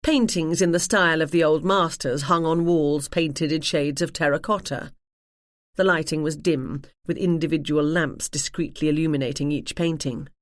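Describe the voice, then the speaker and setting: A woman's voice: low-pitched, steady tone, moderate pace, no room sound, studio quality. Wry woman narrating a cozy mystery. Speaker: audiobook narrator. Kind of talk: first-person mystery narration.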